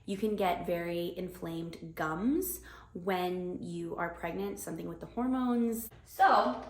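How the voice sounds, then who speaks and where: A woman's voice: lowish voice, unhurried, a little mellow. Chatty young woman in an echoey room. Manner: bubbly, chatty, enthusiastic. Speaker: vlogger. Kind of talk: casual chat to camera.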